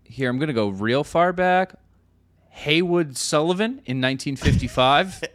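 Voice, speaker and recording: A man's voice: on the high side, lively intonation, normal speed, a bit bright, no echo. Easygoing male podcast co-host, dry sound. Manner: easygoing, lots of fillers and restarts. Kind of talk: casual sports chat.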